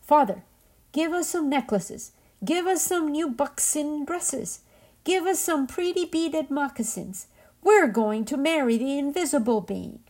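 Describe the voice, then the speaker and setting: A woman's voice: on the high side, very animated, slow, mellow, exaggerated voice. A woman doing haughty bratty young sisters. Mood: boastful. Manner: bratty and insistent.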